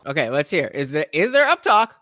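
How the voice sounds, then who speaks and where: A man's voice: on the high side, sing-song, a little fast, bright, forceful tone, no room sound, clean studio sound. A man hosting a livestream reaction, talking in a rambling casual way with many fillers and restarts.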